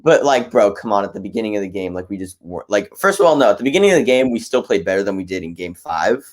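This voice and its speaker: A fan guest on a basketball live stream, a man with a fairly low voice. He talks fast and loose, worked up, filling his lines with "bro" and "like." It is an easygoing chat between friends. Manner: excitable, says "bro" and "like" a lot.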